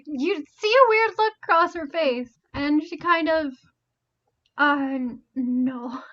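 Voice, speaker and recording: A woman game master narrates in a chatty, rambling way and often corrects herself. Her voice is high. The stream audio is dull and lo-fi. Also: expressive, slow pace, fairly bright tone.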